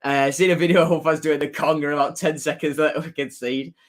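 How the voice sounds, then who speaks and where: A chatty man talks casually on a live stream, reading viewer comments aloud. His voice sits a little high for a man. He laughs easily and tends to say things twice. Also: steady tone, brisk. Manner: chatty, laughs often, repeats his phrases. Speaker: football fan streamer.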